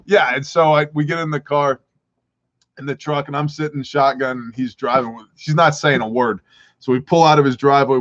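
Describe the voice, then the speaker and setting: A man hosting a livestream, telling an animated story and laughing often as he acts out the other people's voices. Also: mid-range voice. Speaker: prepper channel host. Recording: dull lo-fi livestream audio.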